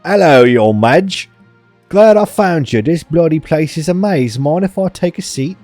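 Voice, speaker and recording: A man's voice: on the high side, animated, unhurried, a little mellow, no echo, faint music behind, pitched above the performer's own voice. A man voicing a cocky peasant schemer in a put-on Cockney accent, brash and full of slang.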